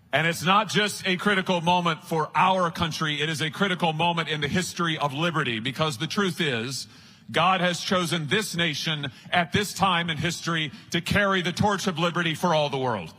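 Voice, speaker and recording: A man delivers a rally speech in a somewhat high, bright and forceful voice. He is emphatic, repeats his key lines and talks straight to the audience. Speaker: political speaker at a conference. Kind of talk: rousing political rally speech.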